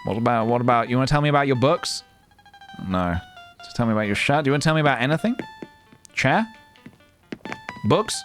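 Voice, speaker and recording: A man's voice: medium pitch, expressive, brisk, long pauses, a bit bright, faint music behind. Rambling, jokey male streamer. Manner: playful, rambling, jokey, many restarts. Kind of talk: casual gameplay chat.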